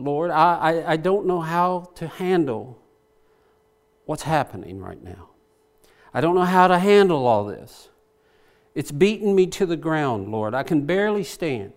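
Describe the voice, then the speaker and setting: A male preacher giving a sermon, praying aloud with passion as he paraphrases scripture. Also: fairly high pitch.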